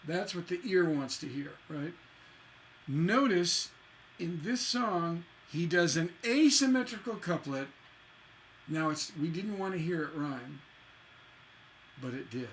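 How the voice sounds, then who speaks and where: A man's voice: high voice, fairly bright tone, a little hiss or hum. A man teaching a songwriting lesson in a chatty way, scatting rhythms with "da da da" to show the stresses.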